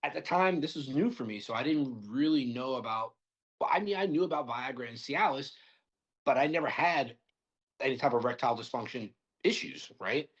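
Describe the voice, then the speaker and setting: Podcast guest, young adult man, chatty storyteller who restarts sentences a lot; average pitch, muffled audio. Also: expressive, fairly quick, husky. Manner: rambling, lots of "like" fillers and restarts. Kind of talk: casual storytelling chat.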